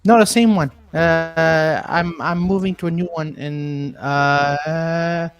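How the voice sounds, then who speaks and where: A man's voice: fairly high pitch, fairly even intonation, slow pace, highs cut off. A man, a comedian, chatting on a live video call show, rambling and hesitant. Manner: hesitant, rambling with many fillers. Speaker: comedian and podcast co-host.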